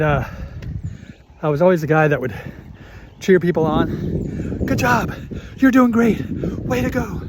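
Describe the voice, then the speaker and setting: A man's voice: a little high, heavy background noise. A man in his fifties chatting casually and swearing freely as he talks while cycling outdoors on a country road, at times out of breath. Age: 50s. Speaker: vlogger.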